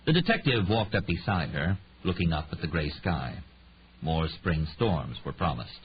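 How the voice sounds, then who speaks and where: Expressive low-voiced male audiobook narrator. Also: moderate pace, lo-fi sound, slight background noise. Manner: expressive reading, voices every character.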